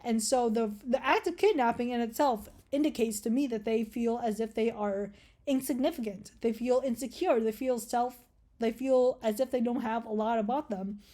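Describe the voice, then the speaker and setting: A woman's voice: fairly high pitch, moderate pace, mellow. A woman vlogger speaking in a casual, rambling rant, full of swearing and jokes. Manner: rambling, profane, jokey.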